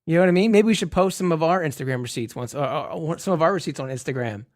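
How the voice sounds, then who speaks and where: A joking man co-hosting a podcast, his voice sitting a little high. The sound is dry and close, with no room around it. He tells a story with plenty of laughs. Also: lively intonation, fast, darkish tone, dry recording. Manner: jokey storytelling, laughs often. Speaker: podcast co-host. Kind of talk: casual podcast chat, reading news stories.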